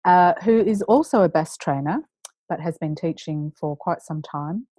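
A woman's voice: deep voice, normal speed, dark tone, slightly rough, no echo. A woman hosting a podcast, introducing her guest in an upbeat, chatty way. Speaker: podcast host. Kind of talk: casual podcast interview.

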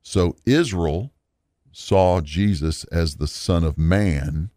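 A man teaching a recorded Bible lesson in an earnest, measured, explanatory way. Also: deep voice, warm tone, dry recording, clean studio sound.

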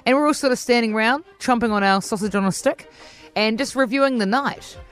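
A woman, a podcast host telling an animated story in casual chat and acting out her own quotes. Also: fairly quick, faint music behind. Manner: lively, acts out her own quotes in a higher voice.

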